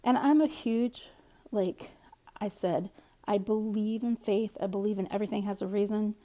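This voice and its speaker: Woman, casual storyteller; soft, warm tone, rambling and candid. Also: mid-range voice, moderate pace.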